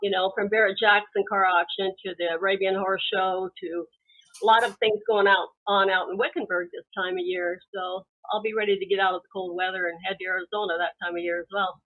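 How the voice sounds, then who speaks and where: A woman's voice: mid-range voice, little pitch movement, a little fast. A woman guest calling in to a talk show, chatting in an easygoing, conversational way. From American West. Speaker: guest, film producer. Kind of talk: casual interview chat. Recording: tinny phone line.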